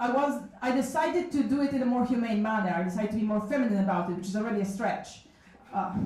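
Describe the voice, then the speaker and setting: Woman in her 30s, live comic storytelling, candid and chatty, distant mic in a roomy cafe. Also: fairly high pitch. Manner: self-mocking, frank, chatty with asides. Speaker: solo show performer telling stories. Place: small cafe event room. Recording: echoey room from a distance.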